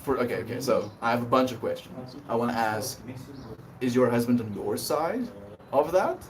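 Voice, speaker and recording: A man's voice: medium pitch, lively intonation, moderate pace, distant mic, rough recording. A man livestreaming, chatting casually and laughing as he reads and answers messages from his chat. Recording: voice a bit off-mic with clear background noise.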